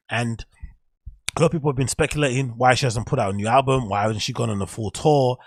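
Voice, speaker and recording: Guy ranting on his own show, dry close sound, mid-pitched voice. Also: fast talker, no room sound. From England. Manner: rambling, opinionated. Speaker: show host. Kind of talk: solo podcast commentary.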